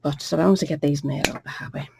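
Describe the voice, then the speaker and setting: A woman giving a casual, chatty card-making tutorial, with soft asides under her breath. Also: low-pitched, steady tone, fast, vocal fry, very noisy.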